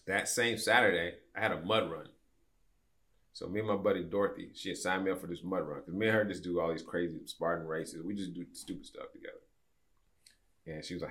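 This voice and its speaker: On a podcast, a guest in his fifties tells a long story in a deep, low voice that has a slight brightness to it. His tone is casual and chatty, and he acts out the characters by switching voices quickly.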